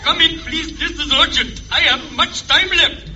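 Foreign radio caller, broken clipped English, high voice, dull lo-fi sound. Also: male voice, measured pace, pushed and bright, exaggerated voice. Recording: dull old TV audio with hiss.

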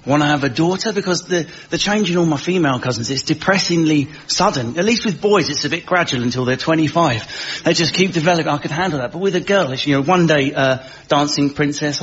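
A man's voice: a little high, brisk, few pauses, fairly bright tone, lo-fi sound. Sardonic young male comic. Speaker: comedian panelist.

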